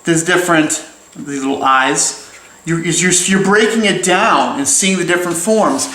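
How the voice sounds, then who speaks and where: A man's voice: on the high side, unhurried, a bit bright, echoey room, slight background noise, poor audio. A man giving a casual, playful drawing lesson as he sketches, chatty and full of jokey asides. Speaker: drawing teacher.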